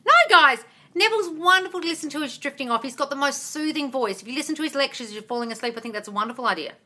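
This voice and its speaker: A woman's voice: high-pitched, racing, pushed and bright. A woman coach on a phone livestream, blunt and swearing freely, calling her viewers darling as she reads their comments aloud and answers them. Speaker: manifestation coach. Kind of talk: livestream Q&A chat.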